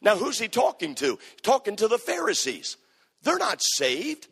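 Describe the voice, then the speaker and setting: High-voiced man preaching in a reverberant hall. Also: huge pitch swings, measured pace, fairly bright tone, slightly rough. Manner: emphatic preaching, repeating key phrases. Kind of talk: sermon.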